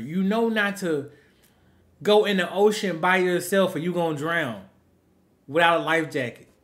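A man's voice: sits high, a bit bright. A man hosting a reaction video, talking bluntly and repeating his points for emphasis in casual commentary. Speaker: reaction channel host.

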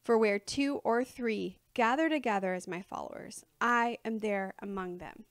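A woman's voice: mid-range voice, normal speed, no echo, studio quality. A woman preaching to her congregation in a chatty, informal way, often laughing between her points. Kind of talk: conversational sermon. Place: church sanctuary before a congregation.

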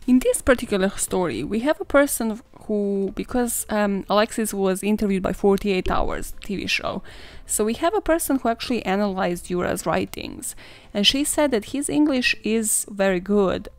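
A woman's voice: medium pitch, animated, moderate pace, gravelly, no echo. A young woman hosting a true crime podcast, sarcastic and swearing freely, laughing at her own jokes. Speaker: podcast host.

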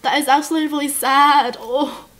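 A woman's voice: sits high, fairly even intonation, normal speed, fairly bright tone. A woman hosting a casual reaction video, bubbly and giggly, with playful mock outrage. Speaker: YouTube reaction host.

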